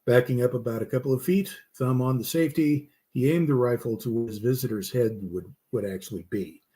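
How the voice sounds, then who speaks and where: A man's voice: medium pitch, a little fast, warm tone. Man narrating a campfire story.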